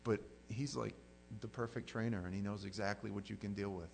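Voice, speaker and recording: Low-voiced guy with a gravelly edge giving a chatty sermon, faint hum behind. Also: steady tone, fairly quick, rough recording. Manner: conversational preaching with repeated words and rising emphasis. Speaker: pastor.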